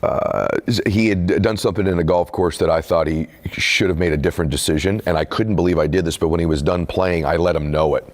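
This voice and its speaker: A man's voice: sits low, brisk, hardly any pauses. A middle-aged man in a candid interview, telling a personal story in an earnest, confessional way. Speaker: podcast host and author being interviewed.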